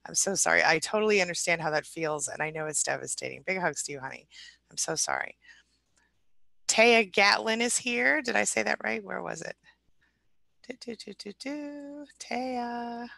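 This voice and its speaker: A middle-aged woman coach on a live stream, greeting viewers by name and reading out their comments in a warm, chatty way. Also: fairly low pitch, expressive, fairly quick, gravelly, no echo. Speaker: relationship recovery coach.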